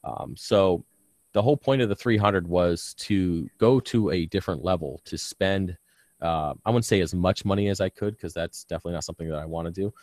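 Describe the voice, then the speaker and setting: A very low-voiced man chats loosely on a live stream, piling on ums and uhs and dropping casual swear words. A bitten tongue gives him a slight lisp. The sound is close and dry, with no room echo. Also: fairly quick, a little mellow. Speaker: reef aquarium channel host.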